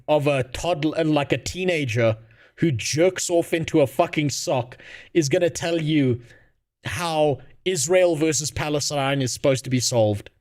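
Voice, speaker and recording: A man ranting sarcastically and with a lot of swearing while streaming. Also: on the high side. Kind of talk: casual live-stream commentary.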